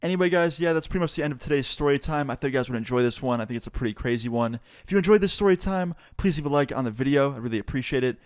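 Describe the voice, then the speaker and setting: A young man in a casual storytime vlog, talking in an animated, profane, laid-back way. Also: medium pitch, rapid-fire, hardly any pauses, smooth, dry recording, clean studio sound. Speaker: vlogger.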